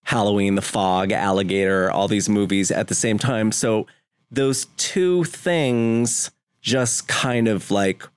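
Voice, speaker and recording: A man's voice: lowish voice, takes it slowly, clean tone, no room sound. A man from Vermont, a guest in a podcast interview, talking earnestly and emotionally with rambling restarts. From Vermont, USA. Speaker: guest, home video producer. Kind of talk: conversational interview.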